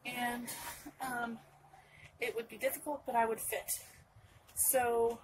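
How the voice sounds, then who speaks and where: A young woman vlogging straight to her camera, telling a story in a rambling, restart-heavy way with plenty of asides. Her voice sits a bit high. A faint hiss of noise runs under the recording. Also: level tone, takes it slowly, low-quality recording. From Northern California.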